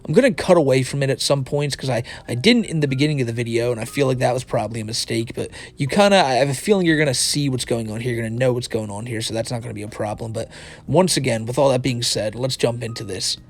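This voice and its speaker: A man's voice: mid-range voice, fast talker. A man hosting a casual video commentary, rambling and swearing freely. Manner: rambling, profane, restarts a lot. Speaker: commentary host.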